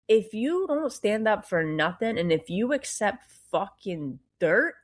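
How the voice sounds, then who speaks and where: A woman's voice: mid-range voice, animated, takes it slowly, hardly any pauses. Profane, blunt woman with a Jersey accent. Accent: New Jersey. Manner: blunt and profane, heavy swearing. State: hot and cranky. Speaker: podcast host. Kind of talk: casual solo podcast rant.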